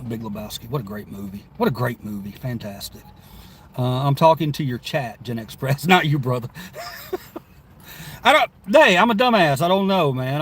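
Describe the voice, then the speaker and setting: A man live streams from inside his car, reading viewer chat aloud and answering in a rambling, chatty way with frequent laughs. His voice is a little high.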